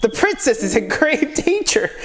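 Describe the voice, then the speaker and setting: A man voicing a pompous, high-strung knight, shrill and indignant, over game music. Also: very animated, moderate pace, fairly bright tone, slight background noise, heavily acted.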